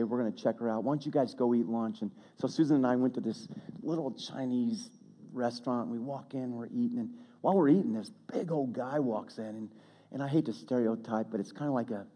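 A man's voice: medium pitch, mellow. Folksy pastor man in a reverberant hall. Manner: folksy, chatty, self-deprecating with quick laughs. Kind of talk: sermon storytelling. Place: church sanctuary.

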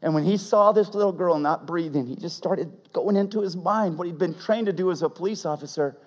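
A man preaching a sermon as pastor, swinging from loud emphatic peaks to hushed, almost whispered lines. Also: sits high, a little fast. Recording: long reverb of a large hall.

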